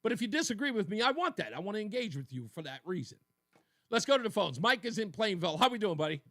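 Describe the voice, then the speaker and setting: Bright-voiced male radio talk host. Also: sits high, fast talker. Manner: animated, mocking, laughs often. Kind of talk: political talk radio monologue. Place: radio studio.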